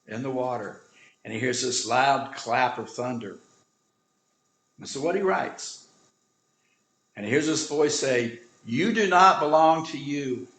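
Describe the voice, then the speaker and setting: Guy in his usual pitch telling a story, earnest, pauses for effect, echoey room. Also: fairly bright tone. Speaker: instructor. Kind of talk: storytelling talk.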